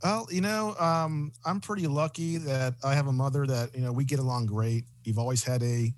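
A man's voice: medium pitch, moderate pace. A man talking as a guest on a casual podcast. He is easygoing and hesitant, with plenty of fillers as he works through his thoughts. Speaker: guest, co-author. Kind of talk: casual interview chat.

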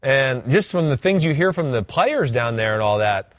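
A man's voice: medium pitch, moderate pace, dry recording, clean studio sound. A man who once played the game, co-hosting a casual sports talk show and acting out what players think. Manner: animated, acts out players' voices. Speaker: former player turned co-host.

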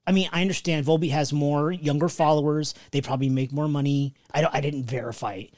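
A man co-hosting a casual podcast chat with a dry, deadpan sense of humor, talking into a boom mic. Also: fast, dry recording. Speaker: podcast co-host.

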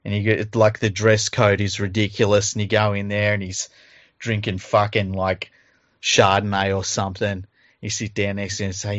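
Swearing Australian bloke, lo-fi podcast audio. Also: male voice, lowish voice, moderate pace, dry recording. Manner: swears freely, rambling and animated. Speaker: podcast co-host. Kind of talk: casual banter. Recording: dull lo-fi audio.

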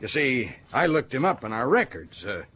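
An actor playing a boastful, folksy American prison governor in a radio drama, with an American accent. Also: male voice, medium pitch, sing-song, moderate pace, pushed and bright, slightly rough, full character voice. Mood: chatty. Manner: boastful, folksy and self-satisfied.

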